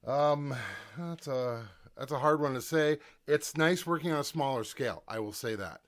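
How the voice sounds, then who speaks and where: A man's voice: on the high side, moderate pace. Man chatting over his recording gear. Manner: chatty, thinking aloud while demonstrating gear. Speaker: home recording musician. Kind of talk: casual vlog talk. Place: home recording desk, indoors.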